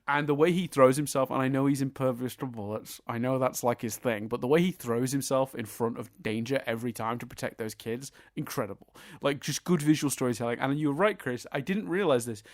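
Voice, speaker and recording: A man's voice: mid-range voice, a bit bright, dry recording. Man, podcast co-host, casual film chat, enthusiastic, laughs a lot, dry voice.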